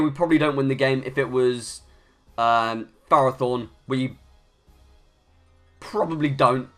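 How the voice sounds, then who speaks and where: A man's voice: medium pitch, measured pace, long pauses, faint music behind. A young man giving live commentary over a video game. He thinks aloud, restarts his sentences often and rants when things go against him. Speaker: gaming YouTuber.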